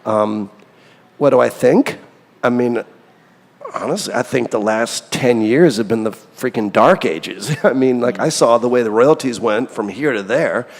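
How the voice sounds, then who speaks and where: A man's voice: mid-range voice, a little slow, in a large hall. A middle-aged man, a songwriter being interviewed, talking candidly and rambling, with a self-deprecating streak. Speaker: songwriter guest. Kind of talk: casual interview.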